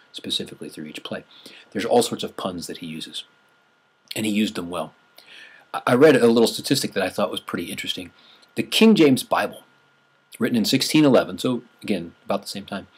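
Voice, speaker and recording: A man's voice: on the low side, husky. A man teaching a class in a conversational lecture, restarting phrases and stressing numbers.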